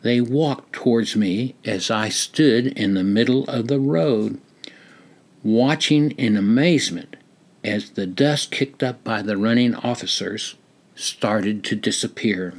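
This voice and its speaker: An older man reading his own memoir aloud in a slow, deliberate storytelling manner. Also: fairly low pitch. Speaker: memoir narrator. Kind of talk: reading a personal war memoir.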